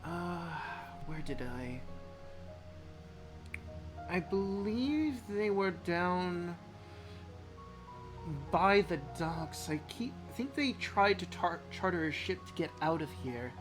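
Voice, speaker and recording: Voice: mid-range voice, lively intonation, slow, long pauses, music in the background, voice pushed up. A game master voicing a gracious goddess queen. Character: calm goddess queen of wisdom, woman. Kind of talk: tabletop game role-play.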